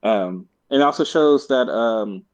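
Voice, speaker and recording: A man's voice: mid-range voice, lively intonation, slow pace. A man co-hosting a podcast in casual chat, rambling and often breaking into laughter. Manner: rambling, giggly storytelling. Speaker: podcast co-host.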